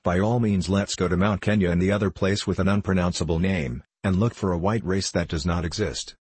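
A man voicing a frivolous, talkative gentleman who makes jokes in a mock-solemn tone in a storybook reading. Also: sits low, steady tone, a little fast, husky, no echo. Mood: breezy. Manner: solemn-toned, joking.

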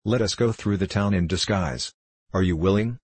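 A man's voice: low-pitched, moderate pace, a little mellow, husky, dry recording. A man reading as a teasing young queen. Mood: wistful, pleading. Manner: coaxing, teasing questions. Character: young queen of Sheba, playful and capricious.

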